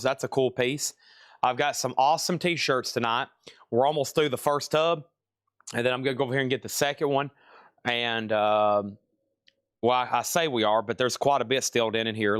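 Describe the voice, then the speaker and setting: A man hosting a live online record sale, calling out items, prices and bidders in quick sales patter, at times dropping to a soft murmur to calm his dog. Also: mid-range voice, no room sound, studio quality.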